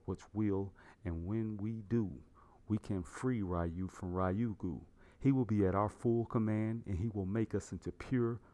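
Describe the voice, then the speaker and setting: A man voicing a scheming male sorcerer who lays out a grand plan, growing louder on his promises. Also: lowish voice, lightly acted.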